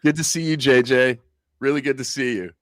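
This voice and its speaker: A man's voice: mid-range voice, steady tone, fairly quick, crowd noise. A man hosting a casual livestream chat over a video call, easygoing and laid-back, with filler words. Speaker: host.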